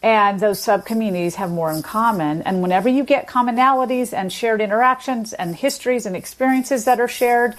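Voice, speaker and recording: A woman guest explaining dialect features in an interview, articulate and patient, illustrating points with examples. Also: medium pitch. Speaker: linguist guest.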